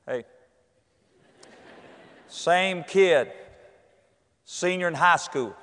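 A man's voice: fairly high pitch, animated, moderate pace. A middle-aged man with a North Carolina accent, preaching a storytelling sermon in a church and acting out the voices in his stories. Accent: Southern US, North Carolina. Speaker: pastor. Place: church, indoors. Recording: echoey church hall.

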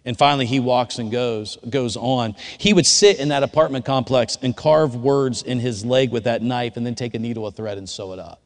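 A man who is a youth pastor, preaching a sermon through a personal story, dropping low and quiet at times and rising to loud shouted quotes. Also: moderate pace, long reverb tail.

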